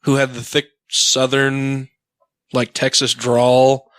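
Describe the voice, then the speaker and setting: A man co-hosting a podcast in loose, profane chat, his voice bright and forward. He rants with animated emphasis, and the sound is dry and close with no room around it. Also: medium pitch, takes it slowly, smooth, dry recording. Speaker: podcast co-host. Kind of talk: casual chat.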